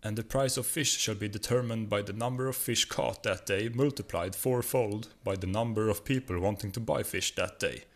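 A man's voice: on the low side, normal speed, few pauses. A man with a Swedish accent voicing a pompous Viking law speaker who recites laws in a drone. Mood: droning.

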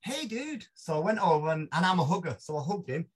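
A man telling a long story as a podcast guest, animated and laughing often, slipping into voices for the people in it. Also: fairly high pitch, fast, slightly rough. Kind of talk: casual anecdote telling.

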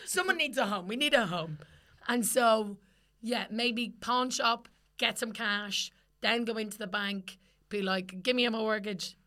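Young irish woman on a podcast, bright voice, pretty high, swears a lot, laughs into her stories. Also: a little slow. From Ireland. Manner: lively, sweary, laughing storyteller. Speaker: podcast co-host. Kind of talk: casual chat.

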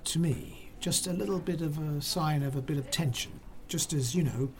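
A hospital worker telling an anecdote for a documentary, chatty and animated. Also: medium pitch, moderate pace, slight background noise.

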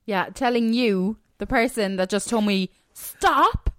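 A woman co-hosting a casual podcast at home, quick with comebacks and quick to laugh. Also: mid-range voice, fairly even intonation, dry recording, clean studio sound. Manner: laughs easily, sparky comebacks. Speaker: podcast co-host. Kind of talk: casual chat.

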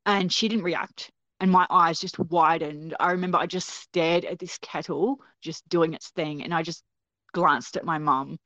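A woman telling a personal story in a casual, animated way, acting out the voices she quotes. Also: lowish voice, measured pace, no echo. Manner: animated, acts out quoted voices, laughs often. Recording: dull, dry lo-fi recording.

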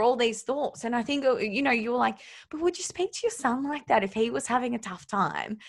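A woman's voice: fairly high pitch, expressive, a little fast, creaky, hardly any pauses. A woman in her thirties hosting a casual podcast, speaking reflectively about her own experience and asking open questions. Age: 30s. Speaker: podcast host.

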